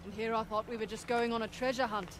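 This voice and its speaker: A woman's voice: a little high, steady tone, fast talker, noisy background, natural voice. An actress playing a blunt, hardened female mercenary in a video game, answering in short clipped lines. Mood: curt. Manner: curt, clipped replies. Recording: game audio under heavy ambience.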